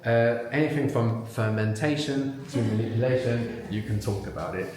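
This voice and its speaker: At normal speed and in a darkish mid-range voice, a male teacher runs a live language workshop, patiently questioning learners and repeating their words. The very echoey recording carries a little hiss or hum.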